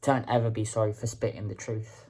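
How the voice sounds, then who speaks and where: A woman's voice: rumbling low, flat delivery, brisk. A woman hosting a music reaction video, talking casually and stumbling over repeated words as she thinks aloud.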